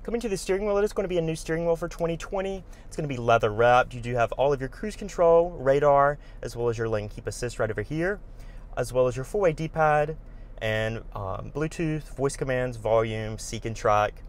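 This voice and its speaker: A car salesperson gives a walkaround tour of a vehicle at a dealership. His medium-pitched voice is brisk, listing features in short bursts.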